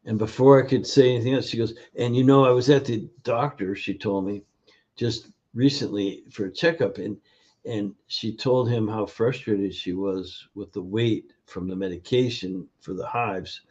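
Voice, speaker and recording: Low husky guy telling long stories in an interview, lots of ums, dull muffled audio. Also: steady tone, a little mellow. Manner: storytelling, acts out quoted voices, halting with fillers. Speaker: functional nutrition educator, guest. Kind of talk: casual interview over video. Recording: dull lo-fi sound.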